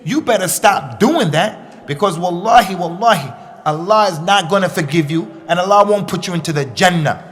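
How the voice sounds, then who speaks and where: A man's voice: sits high, normal speed, fairly bright tone. A man acting out an angry pious man who warns a sinner in a heated, emphatic voice. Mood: angry scolding. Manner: heated, warning, swearing by God.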